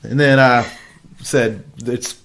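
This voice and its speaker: A man, co-hosting a podcast and telling stories in a casual, lively way with frequent swearing. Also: mid-range voice, fairly quick. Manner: lively, swears often, animated storytelling. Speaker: podcast co-host. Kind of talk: casual chat.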